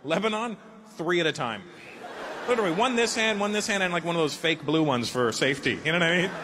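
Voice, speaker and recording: Brash stand-up comedian working the crowd. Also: male voice, fairly high pitch, expressive, fast talker. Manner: brash, profane crowd work. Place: comedy stage before a live audience. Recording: live show with loud crowd and noise.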